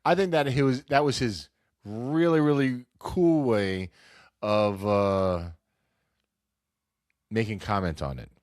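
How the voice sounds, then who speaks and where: A man's voice: on the low side, slow, long pauses, no room sound, studio quality. A man hosting a casual sports talk show, sounding nasal and stuffed up from a cold, rambling and cutting himself off. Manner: rambling, self-interrupting, acts out quotes. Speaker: sports podcast host.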